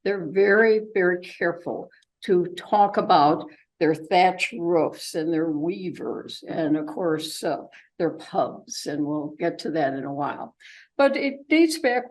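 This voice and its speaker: A woman's voice: lowish voice, a little slow, a little mellow, rough recording. An older woman presenting a travelogue to a group in a chatty, rambling way, with many fillers and asides. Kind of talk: informal slide presentation to a group.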